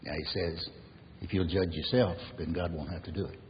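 Low-voiced man preaching in a reverberant hall. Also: fairly even intonation, moderate pace, slight background noise. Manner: earnest preaching, swells loud then drops to a near whisper. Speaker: pastor. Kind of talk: sermon. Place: church sanctuary. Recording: dull reverberant church recording.

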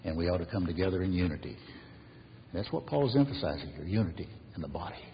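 A man preaching a sermon as pastor, earnestly, rising loud and then falling to a near whisper. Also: low voice, fast, slight background noise. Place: church sanctuary. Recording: dull reverberant church recording.

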